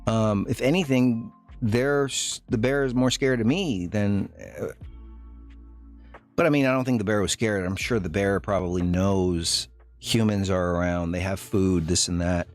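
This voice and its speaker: A man streaming live, telling a story to his chat in a rambling, halting way, full of fillers and restarts. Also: lowish voice, fairly even intonation, faint music behind.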